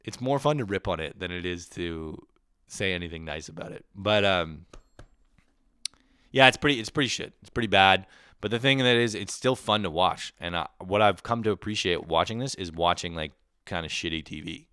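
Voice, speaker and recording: A man's voice: sits low, normal speed, sharp tone, clear, resonant tone, dry recording, studio quality. A Canadian man in his twenties ranting profanely in a comedic monologue, swinging into bursts of mock voices. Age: 20s. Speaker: comedian podcast host.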